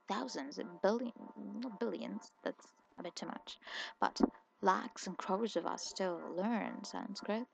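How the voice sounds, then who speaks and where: Sleepy soft-spoken Indian woman, gravelly. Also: fairly low pitch. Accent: mixed Indian, British and American English. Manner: rambling, quick and self-correcting. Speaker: ASMR creator. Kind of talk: soft-spoken ASMR chat.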